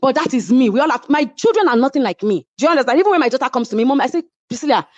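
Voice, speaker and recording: A middle-aged woman with a Nigerian accent, a reality show cast member telling a story in casual chat, animated and heated, slipping into Yoruba phrases. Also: high-pitched, rapid-fire, dry recording. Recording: slightly muffled lo-fi sound.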